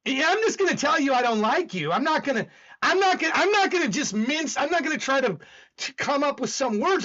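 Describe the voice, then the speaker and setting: A man's voice: very high voice, pushed and bright, lo-fi sound. A man from the American South with a Southern accent, hosting a casual livestream, rambling and arguing with his chat. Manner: rambling, talks back to chat, argumentative. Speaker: livestream host.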